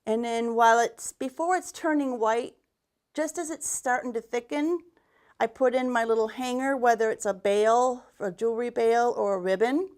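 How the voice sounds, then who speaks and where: A woman's voice: a little high, normal speed, a little mellow. A woman giving a live craft demonstration as a paint retailer, talking in a chatty, rambling way with restarts and muttered asides, a bit out of breath.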